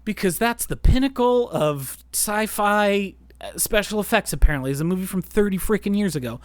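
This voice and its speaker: A podcast co-host in a casual film chat who talks quickly and animatedly, full of restarts and "like"s. The voice sits mid-range in pitch. The sound is dry and close, with no room echo. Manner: animated, talks fast with many restarts and fillers.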